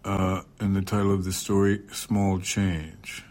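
A man reading a literary short story aloud in a calm, measured way. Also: sits low. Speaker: reader.

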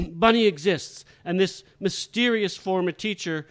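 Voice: mid-range voice, a little slow, natural voice. An actor playing a young mother who speaks in a cutting, sarcastic way. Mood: accusing. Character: bitter, distraught young mother. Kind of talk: audio drama acting.

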